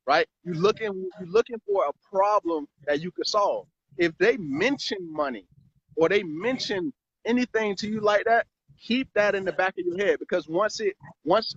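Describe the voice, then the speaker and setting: High-voiced man rambling on a live stream. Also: fairly bright tone. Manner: rambling, repeats words, lots of "right?". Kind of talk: casual motivational chat. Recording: dry, slightly muffled live stream audio.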